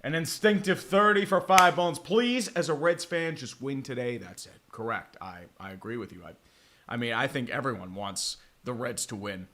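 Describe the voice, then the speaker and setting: A man's voice: medium pitch, lively intonation, moderate pace, a bit bright, slight background noise. A young man casually chatting and joking through a live sports watch-along, profane and rambling with dramatic swings. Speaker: livestream host.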